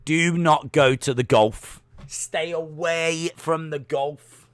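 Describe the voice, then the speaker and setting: A man's voice: fairly high pitch, fairly even intonation, slow pace, clean tone, no echo. A young man hosting a casual watch-along livestream, chatty and self-mocking as he reads out chat messages and makes jokey asides. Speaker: livestream host.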